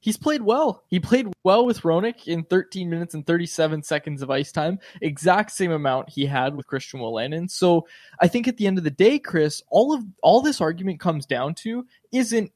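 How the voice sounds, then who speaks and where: A man's voice: on the high side, animated, moderate pace, darkish tone, dry recording, studio quality. A man co-hosting a sports podcast, chatty, laughing easily and playing devil's advocate. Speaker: podcast co-host. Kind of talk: casual sports podcast chat.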